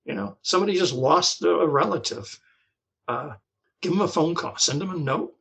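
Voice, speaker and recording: An older man from New Jersey telling his story as a guest, halting and repeating words as he talks. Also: fairly high pitch, expressive, gravelly, fairly bright tone, rough recording. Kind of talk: personal recovery story.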